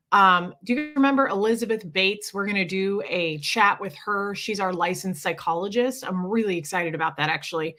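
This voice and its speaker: A woman hosting a casual live stream from home, greeting viewers by name and chatting with them, her voice husky from just waking up. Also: medium pitch, pushed and bright.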